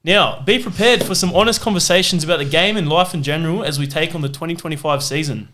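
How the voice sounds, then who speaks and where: A man's voice: fairly high pitch, fast talker, pushed and bright, a little hiss or hum. A young Australian man hosting a fan podcast, chatting casually and telling stories with a laugh. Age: young adult. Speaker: podcast host. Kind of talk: casual chat.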